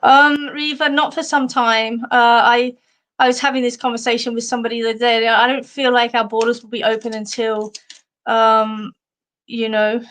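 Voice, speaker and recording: A woman's voice: a little high, flat delivery, moderate pace, fairly bright tone. An Australian woman hosting a casual live chat, chatty and giggly as she reads out comments. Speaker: host of a live chat show.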